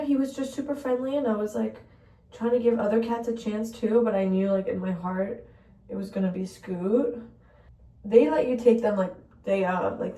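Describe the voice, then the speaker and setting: A woman's voice: medium pitch, dark tone. A young woman vlogging in a casual chat, rambling through a story and filling it with "like". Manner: chatty, heavy use of "like", rambling storytelling. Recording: roomy sound from a distance.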